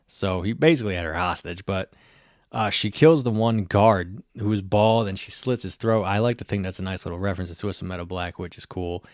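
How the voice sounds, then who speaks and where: Excited man recapping a show, dry sound. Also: mid-range voice, dry recording. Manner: excited, rambling recap with many "like" fillers. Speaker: channel host reviewing a TV episode. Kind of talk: casual video review recap.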